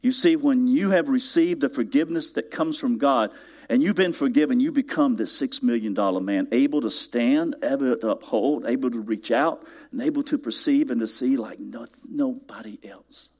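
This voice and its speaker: A man preaching a sermon, slow and deliberate in places, with sudden rising emphasis on key words. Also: medium pitch, darkish tone. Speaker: pastor.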